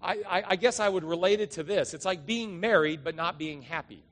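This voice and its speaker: The pastor's high-pitched, somewhat bright voice moves fairly quickly, leaving a long reverb tail in the church. His sermon is conversational and full of stories, with emphatic rises for his congregation.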